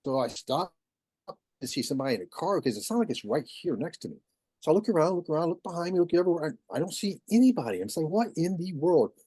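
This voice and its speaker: Man telling a story, mellow voice. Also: a little high, fast, breathy edge, dry recording, studio quality. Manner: animated, acts out quoted voices. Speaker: guest. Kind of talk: casual storytelling.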